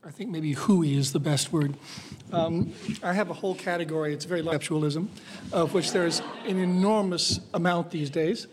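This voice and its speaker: Male critic, slightly high voice, blunt and opinionated delivery. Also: moderate pace. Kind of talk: discussion panel.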